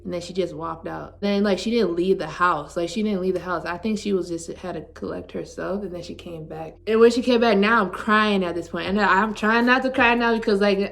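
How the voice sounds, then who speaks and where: A twenties vlogger at home talks a little fast with hardly any pauses, her lowish voice gravelly yet fairly bright. Her personal story comes out casual, heartfelt and rambling, peppered with "like".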